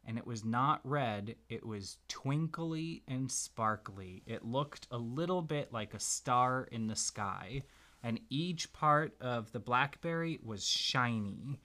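A man gently making up a bedtime story for his child, pausing as he thinks of what comes next. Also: medium pitch, animated. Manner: gentle, unhurried, makes the tale up as he goes. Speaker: parent telling a story.

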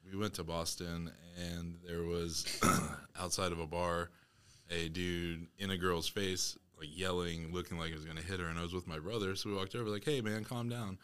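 A man's voice: deep voice, little pitch movement, normal speed, fairly bright tone, a little hiss or hum. A man guesting on a podcast, telling stories in a wry, self-mocking way. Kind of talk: casual storytelling.

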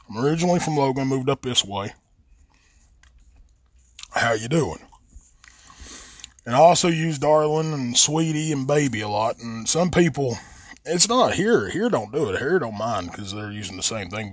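Speaking at medium pitch on a dry recording, this man hosts a podcast and hails from West Virginia. His casual, profanity-laced monologue rambles along in a drawling Southern Appalachian accent, vowels stretched out right against a close mic.

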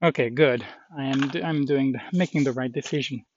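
A man walking outdoors on a hilly trail, talking in a rambling, halting way with lots of fillers as he vlogs his pilgrimage. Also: medium pitch. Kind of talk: casual walking vlog. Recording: dull lo-fi with faint noise.

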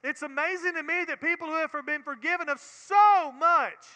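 A man's voice: very high voice, normal speed, pushed and bright, long reverb tail. A man with a Southern US accent teaching a Bible sermon in an earnest way, often repeating words and building to emphatic preaching.

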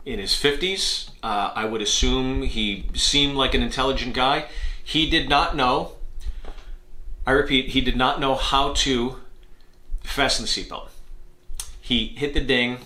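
A man, a comedian hosting his own podcast, telling a story in an animated way, acting out voices and laughing at himself. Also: mid-range voice, a little slow, long pauses. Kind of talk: storytelling monologue. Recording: echoey room.

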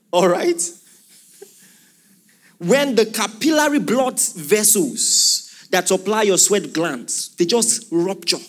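Animated man preaching, lively pitch. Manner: animated preaching, rhetorical questions to the congregation. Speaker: pastor. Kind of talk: sermon.

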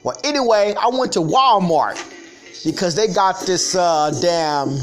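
A man hosting his own podcast, telling a profane, animated story in casual talk. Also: a little slow, soft background music. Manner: profane, animated storytelling, mimics others in a higher voice. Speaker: podcast host. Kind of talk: casual ranting monologue.

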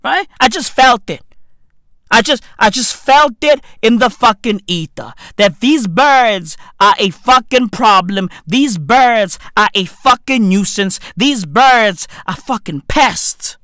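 A young man telling a comic story, animated and profane, full of slang and repeated asides to the listener. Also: high-pitched, slow, no echo. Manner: animated, swearing, slang-heavy, repeats "bruv" and "right?". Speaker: comedic storyteller. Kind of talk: profane comedic anecdote.

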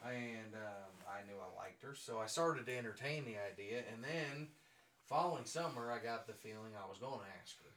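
A man's voice: medium pitch, normal speed, a bit bright. A man hosting a podcast, telling casual stories with a jokey, self-mocking manner and frequent laughter. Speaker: podcast host. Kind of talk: casual storytelling. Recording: roomy sound from a distant mic with faint noise.

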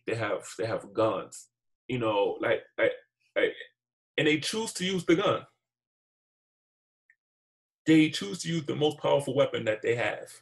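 A man's voice: fairly low pitch, vocal fry. A young man on a podcast, speaking earnestly and stumbling over repeated words. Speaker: podcast co-host. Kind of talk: heated podcast conversation.

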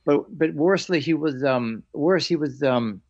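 A man who teaches martial arts, telling stories of his training in an animated way and acting out the lines of others. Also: fairly high pitch, measured pace, breathy edge. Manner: animated, acts out quoted lines. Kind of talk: storytelling in a conversation. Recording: dull lo-fi audio.

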